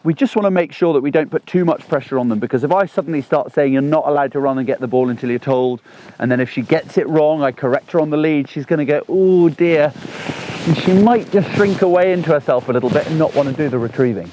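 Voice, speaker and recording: A man, talking through a gun dog training session outdoors on a lawn, chatty and animated. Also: on the high side, fast, slight background noise. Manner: chatty and animated, bursts into excited exclamations.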